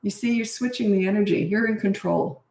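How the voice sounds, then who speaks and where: A woman's voice: medium pitch, warm tone. Woman, parenting coach, blunt and matter-of-fact, middle-aged, roomy echo. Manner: blunt, no-nonsense, brisk. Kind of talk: casual Q&A advice. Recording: echoey room.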